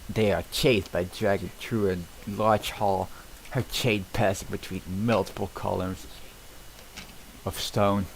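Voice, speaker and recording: A man's voice: lowish voice, vocal fry, a little hiss or hum, poor audio. A man streaming as he reads a film script aloud, often stumbling and restarting mid-sentence, with casual asides.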